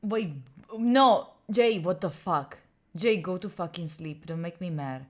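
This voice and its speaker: A woman's voice: on the low side, a little slow, a little mellow. A young woman from Italy, speaking English, talks casually on her study stream. She sounds tired and rambles, filling her sentences with "like" as she reads and answers her chat. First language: Italian. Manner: rambling and chatty, reading and answering chat, lots of "like".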